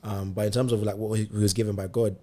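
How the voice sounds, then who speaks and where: A man co-hosting a sports podcast, talking easily and thinking aloud with pauses in casual chat. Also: fairly low pitch, level tone, mellow. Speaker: podcast co-host.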